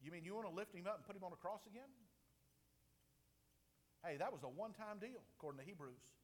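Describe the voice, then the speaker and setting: Man preaching in an echoing hall. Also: quick pace. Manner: emphatic, rises and falls sharply in pitch and loudness. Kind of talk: sermon. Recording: long reverb of a large hall.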